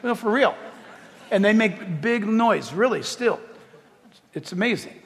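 A pastor preaching a sermon in a church, animated and joking as he acts out scripture scenes. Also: sits high, unhurried, creaky, in a large hall.

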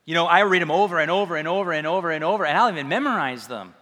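A man preaching in a church hall, his fairly high voice bright and forward. He keeps the sermon loose and conversational, poking fun at himself with easy humor. A long reverb trails each phrase through the room. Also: lively intonation, rapid-fire. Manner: conversational and self-deprecating, with humor. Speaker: pastor.

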